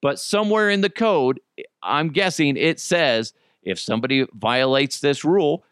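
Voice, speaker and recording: A man's voice: a little high, lively intonation, moderate pace, fairly bright tone, clean tone, no echo, clean studio sound. A man hosting a comedy podcast, talking in a crude, joking, rambling way. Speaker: podcast host.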